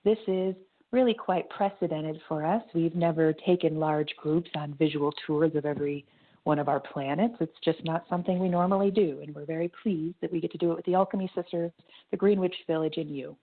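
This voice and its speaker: Cheerful, teasing alien beings from the stars welcome their guests, as a woman voices them. The voice is low and husky, with a gravelly edge. The sound is thin and phone-like. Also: steady tone, a little fast. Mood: welcoming. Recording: tinny phone-like line.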